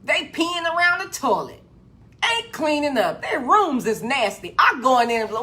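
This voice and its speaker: A woman giving a live-streamed motivational talk in a preachy call-and-response way, repeating her phrases and swinging from loud excitement to a low voice. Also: moderate pace. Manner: gets loud with excitement, then drops low. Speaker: motivational speaker.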